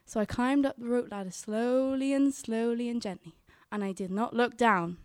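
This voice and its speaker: A woman's voice: on the high side, fairly even intonation, moderate pace, a little mellow, clean tone, no echo, clean studio sound. A young woman telling a personal story on stage, chatty and quoting her own thoughts.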